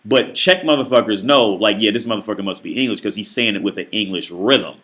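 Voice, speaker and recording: A man's voice: on the low side, a little fast, a bit bright. A man ranting through a reaction video commentary, profane and emphatic, often stammering and restarting his sentences.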